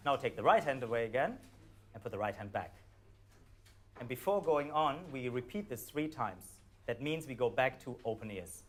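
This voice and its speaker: A man with a German accent, calmly guiding a live audience through a performance score, with hesitant fillers. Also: mid-range voice, moderate pace. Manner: calm, instructive, hesitant with fillers.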